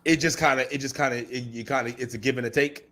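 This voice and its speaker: A young man co-hosting a podcast in casual chat, animated and laughing often, with frequent swearing. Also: mid-range voice, quick pace. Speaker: podcast co-host.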